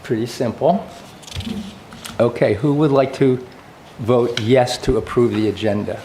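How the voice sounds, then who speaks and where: A man chairing a town committee meeting, relaxed and halting, with many pauses and fillers. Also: medium pitch. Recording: echoey meeting room with faint noise.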